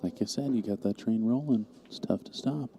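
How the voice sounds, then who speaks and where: A deep male voice with a very dark, mellow tone, calling a pool match in an easy, steady way and talking through how he would play each shot. Faint background noise runs under everything. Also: a little fast. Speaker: pool stream commentator. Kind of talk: casual live commentary.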